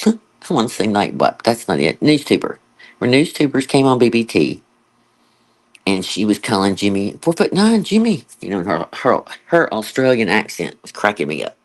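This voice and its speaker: A man's voice: fairly low pitch, sing-song, moderate pace. A man hosting a late-night livestream, chatty and laughing often as he mimics others. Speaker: livestream host. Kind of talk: casual chat.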